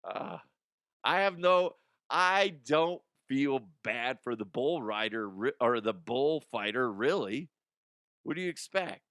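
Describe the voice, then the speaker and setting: A young man hosts a comedy news podcast in a loose, profane rant, laughing at his own jokes and slipping into mocking voices. His voice sits at an ordinary middle pitch. The sound is close and dry, with no room around it. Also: lively intonation, slow pace, fairly bright tone, no echo.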